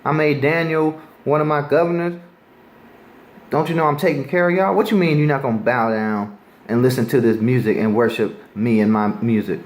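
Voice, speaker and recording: A man's voice: medium pitch, normal speed, lightly acted. A man voicing an angry, boastful ancient king who scolds his captives in an indignant, raised voice.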